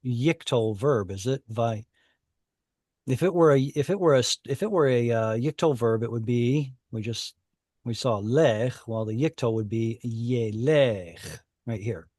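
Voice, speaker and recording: A man teaching an online language lesson, taking his time with each point. His voice sits at a middle pitch and sounds close and dry, with no room around it. He explains patiently and pauses to think aloud. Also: a little mellow, no echo. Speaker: Hebrew teacher. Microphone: video call.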